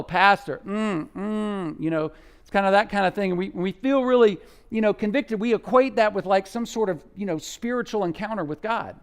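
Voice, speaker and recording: A man preaching a sermon as pastor in a church, talking conversationally and playfully mimicking his listeners. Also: sits high. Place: church sanctuary.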